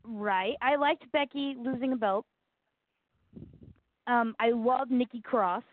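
A woman's voice: fairly high pitch, takes it slowly. A woman with a Southern American accent, co-hosting in casual chat, rambling and blunt with self-mocking asides. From Southern United States. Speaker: co-host. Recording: tinny phone-like line, dry.

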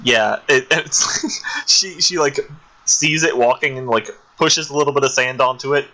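Man, very bright voice, podcast co-host, casual chat, animated, laughing. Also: mid-range voice, normal speed, poor audio. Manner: animated retelling, putting on little voices for characters; laughs often.

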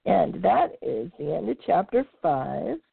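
A woman hosting a podcast, reading a children's animal story aloud in a lively, expressive way. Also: on the low side, measured pace, creaky, husky, no room sound. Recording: dry, tinny phone-like sound.

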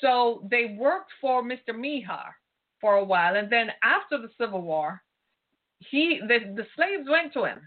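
A woman's voice: a little high, animated, a little slow. A woman giving an impassioned monologue, talking in a blunt, emphatic, colloquial way. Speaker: commentator. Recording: tinny phone-like sound.

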